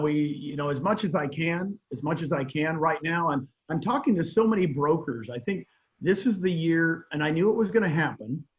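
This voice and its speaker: A middle-aged man, a guest real estate trainer, giving emphatic advice on a video call and repeating his key points. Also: a little high. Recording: muffled video call audio.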